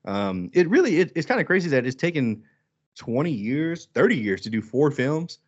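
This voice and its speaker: A man co-hosting a podcast in casual chat, animated and quick to act out quoted lines. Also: mid-range voice, dull audio. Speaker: podcast co-host.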